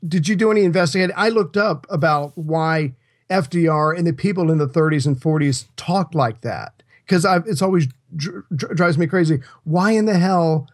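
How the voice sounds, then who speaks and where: A man co-hosting a history podcast in a relaxed, talkative way. His voice sits a little higher than most men's. He explains things loosely and readily agrees with his partner. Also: moderate pace. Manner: easygoing, chatty, agreeable. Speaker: podcast co-host. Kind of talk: casual history podcast chat.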